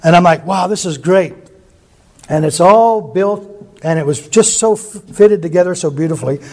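A man's voice: on the high side, a little fast, a little mellow. A man preaching a sermon through rambling anecdotes, with frequent restarts. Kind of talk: sermon storytelling.

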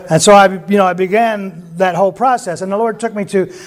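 A man's voice: sits high, fairly quick. A man preaching a sermon through rambling anecdotes, with frequent restarts. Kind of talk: sermon storytelling.

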